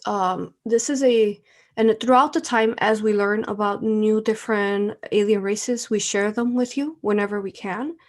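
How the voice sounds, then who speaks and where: A woman hosting a live spiritual talk, speaking with emotion, soft laughs and frequent fillers like "okay" and "you know". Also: medium pitch. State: tearful.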